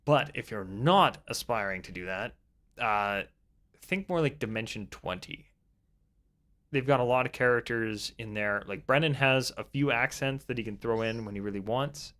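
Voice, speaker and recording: A man's voice: mid-range voice, moderate pace, a bit bright. A young man giving casual, rambling advice about tabletop role-playing, with frequent fillers and restarts. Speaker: tabletop game YouTuber.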